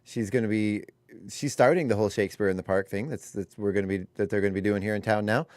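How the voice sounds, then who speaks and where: A man's voice: lowish voice, steady tone, fast talker, darkish tone, no room sound. A man co-hosting a morning radio show, chatty and rambling, at a studio microphone. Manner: chatty, rambling, self-correcting. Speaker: radio co-host.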